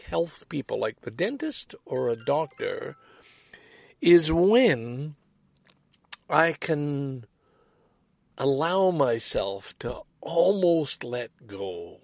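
A man's voice: a little high, sing-song, slow pace, a little mellow, dry recording. An older man with a Canadian accent, hosting a podcast and talking through a candid, self-deprecating personal monologue with plenty of swearing. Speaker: podcast host.

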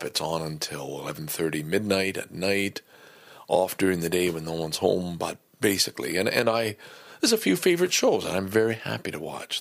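A man's voice: deep voice, creaky, fairly bright tone. An older man hosting a podcast from his home basement, talking in a rambling, profane, worked-up way. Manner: ranting, profane, easily worked up. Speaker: podcast host. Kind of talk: casual rambling monologue.

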